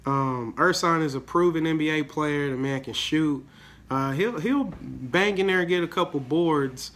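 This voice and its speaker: A man's voice: a little high, measured pace, fairly bright tone. Hyped slangy man, a little sick. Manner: hyped, slangy, repeats words and says "man" often. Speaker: daily fantasy sports video host. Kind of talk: casual solo video commentary.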